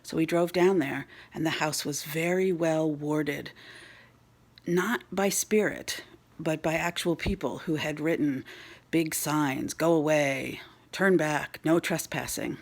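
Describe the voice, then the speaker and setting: A woman telling a spooky ghost story in a hushed voice that often drops to a whisper. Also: low voice, slow.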